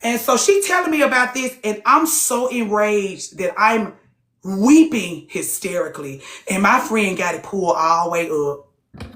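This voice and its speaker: A woman's voice: mid-range voice, lively intonation, a little slow, fairly bright tone. A woman hosting a live group talk, blunt and profane, firing off rhetorical questions to her listeners. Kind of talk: casual heated talk to listeners. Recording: echoey room sound.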